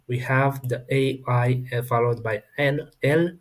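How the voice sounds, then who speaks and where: A man at a middle pitch teaches French pronunciation in an unscripted online lesson. He talks slowly and hesitantly, with many fillers and restarts. He says French words one at a time for the learner to copy. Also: steady tone.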